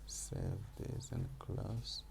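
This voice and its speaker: A man's voice: very slow, noisy background. A man teaching a music theory class over a video call, explaining patiently and repeating his points with small fillers. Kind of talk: online group class lesson.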